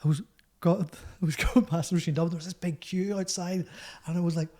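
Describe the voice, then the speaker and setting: A man's voice: fairly high pitch, fairly even intonation, brisk, warm tone. A man, a musician telling rambling, self-mocking stories as a podcast guest. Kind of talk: storytelling podcast chat.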